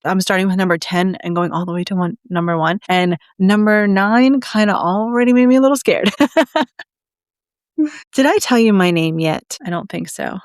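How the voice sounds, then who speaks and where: A woman's voice: mid-range voice, dry recording, studio quality. Giggly breathless woman podcast host. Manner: giggly, rambling, repeats herself. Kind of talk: casual solo podcast chat.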